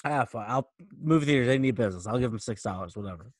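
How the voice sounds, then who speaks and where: Young male co-host, hesitant and filler-heavy, mid pitch, dry close recording. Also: expressive, fast talker, no echo. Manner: hesitant, many fillers, asks questions. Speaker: podcast co-host. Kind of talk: casual chat.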